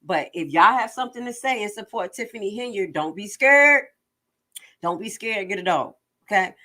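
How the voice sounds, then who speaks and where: A woman giving casual livestream commentary in an animated, joking and sassy way. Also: medium pitch, normal speed. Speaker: online commentator.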